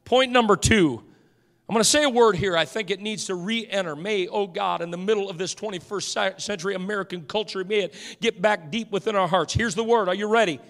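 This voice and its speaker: High, bright-voiced fervent male preacher. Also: fairly quick. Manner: fervent preaching with repeated words and rising fervor. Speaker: pastor. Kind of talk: impassioned sermon. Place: church sanctuary. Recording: long hall reverb from a church.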